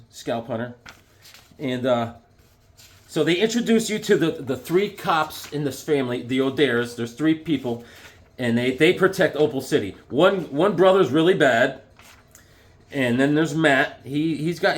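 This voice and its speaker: An excitable man talking through comic books in a loose, chatty way, his voice bouncing widely up and down. It sits a little higher than most men's. He keeps slipping into quick silly voices. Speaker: comic book reviewer. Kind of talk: casual comic book review.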